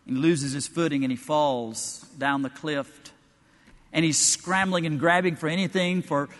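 A preacher delivering a sermon with animated storytelling, building to emphatic peaks. His voice is bright and forceful, pitched a bit high for a man. Long hall reverb trails every line. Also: measured pace.

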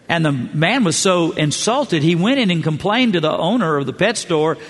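A middle-aged man preaching a sermon, telling stories with measured pauses. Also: on the high side, lively intonation. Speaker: pastor. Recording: long church hall reverb.

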